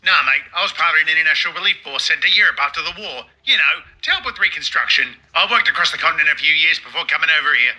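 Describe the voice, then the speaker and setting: A man voicing a friendly, laid-back male steam engine with an Australian accent, full of slang, in an animated railway story. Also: on the high side, rapid-fire, few pauses, rough recording. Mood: easygoing. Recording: played video with music underneath.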